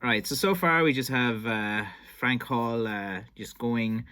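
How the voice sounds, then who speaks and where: A man's voice: mid-range voice, measured pace, fairly bright tone. A man from Ireland casually commenting on an old interview clip, hesitant with many fillers and restarts. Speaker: stick maker reviewing an old interview.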